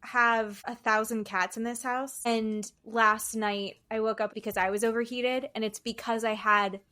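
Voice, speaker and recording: Woman, podcast co-host, fairly high voice, casual chat, acts out quotes, animated. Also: a little slow. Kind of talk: casual chat recapping a reality show.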